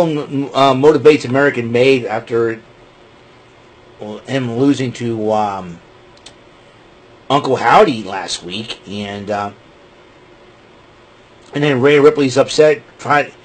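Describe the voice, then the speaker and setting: A man hosting a wrestling recap show, rambling casually with joking asides and a husky voice. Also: medium pitch.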